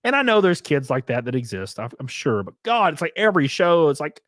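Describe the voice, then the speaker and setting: A man's voice: fairly high pitch, very animated, fast, few pauses, dry recording, clean studio sound. A man from Alabama with a Southern accent, chatting casually and profanely on a live stream while reading chat aloud. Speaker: streamer host.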